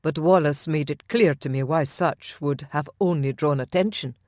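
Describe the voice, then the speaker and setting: A woman voicing a steady young Highland warrior, calm and teasing. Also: normal speed, no room sound, clean studio sound, close to an everyday voice.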